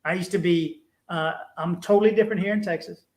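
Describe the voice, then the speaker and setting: Man from the DC area, livestream host, high voice, animated storytelling, echoey room. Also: fast talker. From Washington DC area. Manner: animated storytelling, acting out his own past exchanges. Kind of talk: casual live-stream chat.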